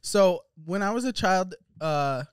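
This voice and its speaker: A man's voice: sits high, animated, unhurried, a little hiss or hum. A young man co-hosting a podcast, asking loose questions and joking in a casual chat on a studio mic. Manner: playful, laughs often, loose questions. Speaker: podcast co-host. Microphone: studio microphone.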